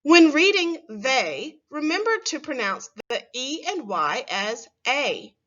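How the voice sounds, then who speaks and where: A woman teaching a first grade phonics lesson, speaking slowly and clearly and stretching words for young children. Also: high voice, very animated, a bit bright, highs cut off.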